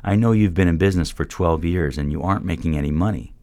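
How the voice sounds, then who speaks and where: A man doing a forceful older mentor who hammers a younger man with insistent questions. The gravelly voice is raised a little above his deep narration. The recording is dry. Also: fast talker, dry recording. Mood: pressing, forceful. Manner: pressing, drilling questions.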